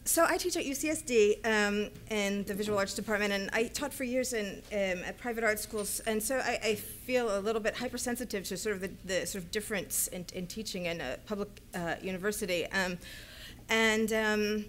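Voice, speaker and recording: A woman art professor giving a conference talk in a lecture hall, speaking quickly and hesitantly with many filler words. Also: mid-range voice, fairly bright tone, slight background noise.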